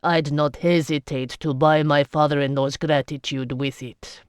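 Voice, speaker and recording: Narrator reads a weary male merchant lord: slow, level, patient, dry close read. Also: mid-range voice, steady tone, smooth, no room sound, natural voice. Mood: grim.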